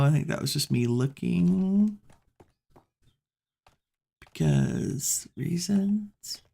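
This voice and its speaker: Unhurried woman streamer with a gravelly edge, thinking aloud through relaxed gameplay commentary. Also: sits low. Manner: musing, talks to herself while playing.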